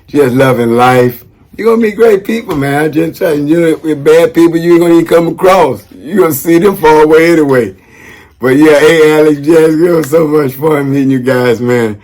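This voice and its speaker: A vlogger talks casually to camera while shouting out veterans, his medium-pitched voice carrying a darkish tone. He's upbeat and rambling, full of slang, and keeps tacking "man" onto his sentences.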